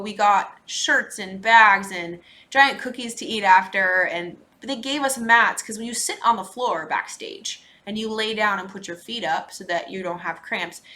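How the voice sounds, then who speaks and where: A woman from Minnesota hosts her podcast in a casual, chatty recap. Her voice is bright and forward at a middle pitch. She talks in lively bursts and drops into quiet asides. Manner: chatty, animated, frequent laughs and asides. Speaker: podcast host.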